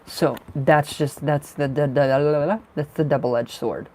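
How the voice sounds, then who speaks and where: A man's voice: a little high, steady tone, unhurried, darkish tone, a little hiss or hum. A man giving a casual live tarot reading, talking loosely and repeating himself as he goes. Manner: casual, rambling, repeats words. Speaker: tarot reader.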